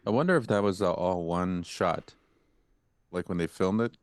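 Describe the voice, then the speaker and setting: A man co-hosting a casual movie review podcast, laid back and quick to laugh. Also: low-pitched, clean tone. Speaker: podcast co-host.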